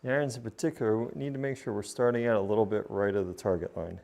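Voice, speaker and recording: Speaking fast in a lowish, steady, creaky voice that's a little mellow, a man streams his practice swings from a home golf simulator. He casually coaches his viewers as a group and keeps repeating his points.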